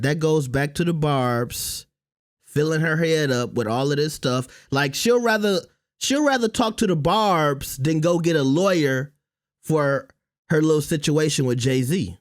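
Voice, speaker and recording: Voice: mid-range voice, dry recording, studio quality. A commentary host reacting to a clip, with mocking, sarcastic asides.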